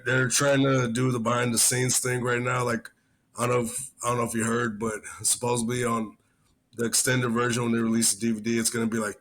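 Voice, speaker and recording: A man's voice: medium pitch, a bit bright. A man hosting a podcast in casual chat, rambling and swearing constantly as he tells stories. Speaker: podcast host, army veteran.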